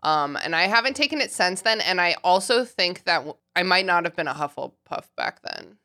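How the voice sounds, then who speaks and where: A woman's voice: fairly low pitch, animated, fairly quick, bright, forceful tone. A woman in her late twenties co-hosting a podcast, giggly and jokey in an irreverent, casual chat. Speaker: podcast co-host.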